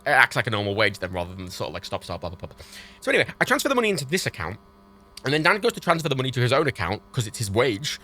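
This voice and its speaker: A man's voice: mid-range voice, very fast. A British man on a livestream, ranting in an exasperated way and swearing heavily as he talks. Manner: exasperated, heavy swearing, animated.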